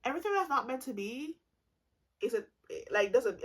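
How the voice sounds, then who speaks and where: A woman's voice: medium pitch, lively intonation, fairly quick, fairly bright tone, slightly rough. A woman in her twenties telling a casual storytime vlog, rambling and profane, with frequent laughter. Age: 20s. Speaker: vlogger.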